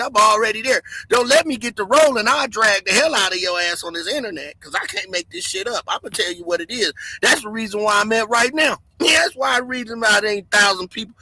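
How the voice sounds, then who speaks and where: A man with a very high, bright, husky voice rants on a livestream. He shouts, drops to mutters and cackles. His close, dry mic has no room sound. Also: no room sound, poor audio. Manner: loud, excitable, swings between shouting and mumbling, laughs often. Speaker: livestream host. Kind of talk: animated livestream rant.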